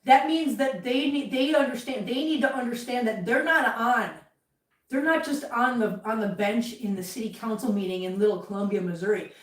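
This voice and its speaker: A woman's voice: fairly high pitch, moderate pace, recorded from a distance. Chatty woman venting off-mic. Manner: chatty, rambling, heated venting. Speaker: livestream host. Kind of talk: casual live chat while cleaning. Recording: roomy, from off-mic.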